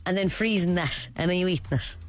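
A woman's voice: on the low side, fast, faint music behind. An Irish woman co-hosting a radio show, chatting casually and teasing with a laugh. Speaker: radio co-host.

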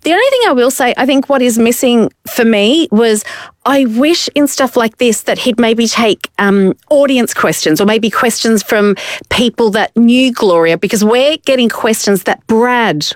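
A woman's voice: on the high side, normal speed, dry recording. A woman presenting a casual culture chat, chatty with frequent restarts. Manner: chatty, restarts, rising asides.

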